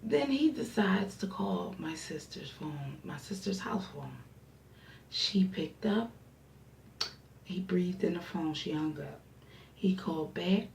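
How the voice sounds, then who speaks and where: A young woman with a gravelly, creaky voice tells a story to her vlog, full of swearing and acted-out voices. She sounds set back from the mic in an echoey room. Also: on the low side, slow pace, distant mic, slight background noise. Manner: animated, profane storytelling, acting out quoted voices. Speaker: vlogger.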